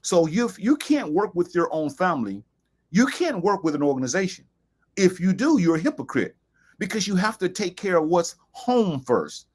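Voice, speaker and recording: A man's voice: sits high, big pitch swings, moderate pace, a little mellow. A man hosting a talk broadcast, speaking emphatically in a preaching style, quoting sayings and repeating phrases for stress. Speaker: host.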